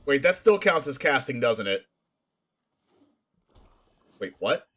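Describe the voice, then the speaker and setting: A man streaming a card game, reacting with yelps, laughter and shouts as he plays. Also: medium pitch, sing-song, slow. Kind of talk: excited gameplay commentary.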